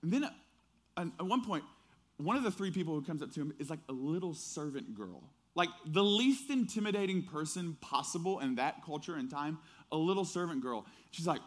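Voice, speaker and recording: A man preaching a sermon, moving between a hushed, quiet prayer and animated, conversational storytelling with fillers. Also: fairly high pitch, brisk. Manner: conversational, with fillers and acted quotes. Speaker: pastor.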